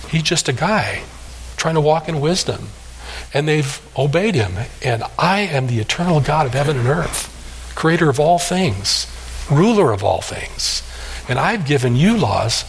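A man preaching an expository sermon, earnest and emphatic, slowing down to stress key phrases. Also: medium pitch. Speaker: pastor.

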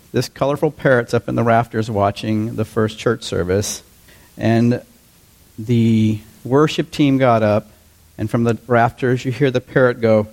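A man in his fifties preaching a sermon to his congregation in a relaxed, conversational way, often asking them questions. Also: medium pitch. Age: 50s. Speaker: pastor.

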